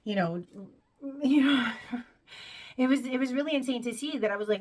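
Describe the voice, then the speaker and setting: A woman's voice: sits high, moderate pace, a little mellow. A woman talking casually to her viewers, chatty and conversational, often checking in with "you know" and "right?". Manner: laughs while telling the story. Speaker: spiritual video creator. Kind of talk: casual monologue to camera.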